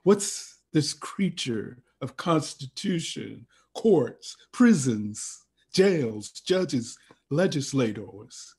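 A man's voice: mid-range voice, animated, very slow, a little mellow, slightly rough. A man performing his own spoken word poem over a video call, with rhythmic, chanted repetitions and rising cries. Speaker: performance poet. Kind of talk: spoken word poetry reading.

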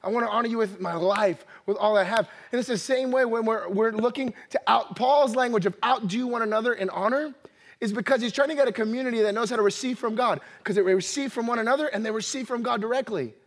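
A man in his thirties preaching a lively sermon, acting out little quoted voices and laughing often as he talks. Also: very high-pitched, fast. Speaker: pastor. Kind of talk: energetic sermon.

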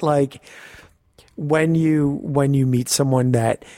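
Man, podcast co-host, casual storytelling, animated, swears, dry close sound. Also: a little high, takes it slowly, no room sound. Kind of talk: casual chat.

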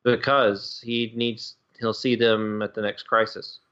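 A man co-hosting a casual podcast, quick and opinionated, laughing often. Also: fairly low pitch, flat delivery, fairly bright tone, smooth. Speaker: podcast co-host. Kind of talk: casual chat. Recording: slightly dull, lo-fi sound.

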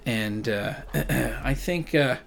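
A man talking casually to his viewers, reading their messages aloud and rambling, with frequent swearing and sudden loud rants. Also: medium pitch, animated, slow. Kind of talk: casual profane monologue.

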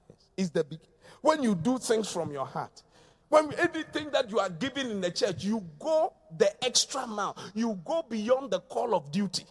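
Lively high-voiced man preaching. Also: slightly rough. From Ghana. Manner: swings between shouting and low quiet delivery, repeats phrases. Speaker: pastor. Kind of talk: sermon.

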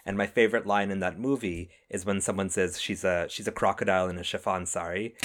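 A man co-hosting a podcast, chatting casually about a film and getting excited as he tells stories. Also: low-pitched, fast talker. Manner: excitable, animated storytelling with self-interruptions. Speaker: podcast co-host.

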